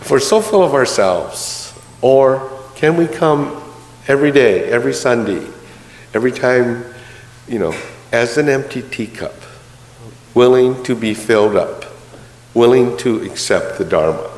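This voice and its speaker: A man's voice: medium pitch, expressive, measured pace, a little mellow. A male minister giving a sermon in a conversational, storytelling way with light humor. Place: church. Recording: roomy church hall reverb.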